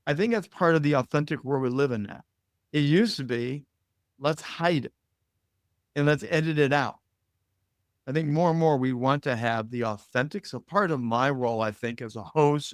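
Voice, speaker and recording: A man with an Indiana American accent, talking as a guest in a casual interview. He is animated and laughs easily. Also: medium pitch, no room sound, clean studio sound. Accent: American Midwestern, Indiana. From United States. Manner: animated and expressive, laughs easily, acts out voices in quotes. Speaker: guest, media coach and broadcaster.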